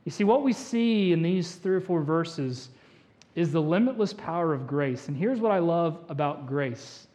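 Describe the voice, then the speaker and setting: A man with a high voice preaching a Sunday sermon. He swings between quiet, low scripture readings and loud, fervent pleading. His voice keeps the lively rhythm of the pulpit. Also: moderate pace. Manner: preaching with rising emphatic passages and acted pleas. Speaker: pastor.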